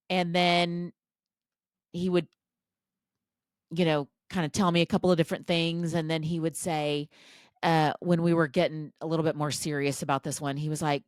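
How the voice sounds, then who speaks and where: A woman's voice: low-pitched, fairly even intonation, moderate pace, pauses often, no room sound, studio quality. A woman hosting a podcast, talking in a casual, chatty, self-deprecating monologue full of restarts and asides. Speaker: podcast host.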